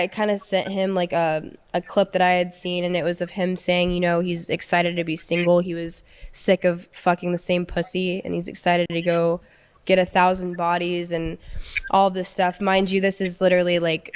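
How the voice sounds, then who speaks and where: A young woman recounting a personal story in a casual, halting way, often restarting her sentences. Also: lowish voice, smooth. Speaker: storyteller recounting a past relationship.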